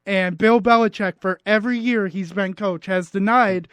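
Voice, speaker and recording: A man's voice: high voice, fairly even intonation, moderate pace, a bit bright, clear, resonant tone, dry recording. A man co-hosting a radio sports show, casually explaining game facts at length. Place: radio studio.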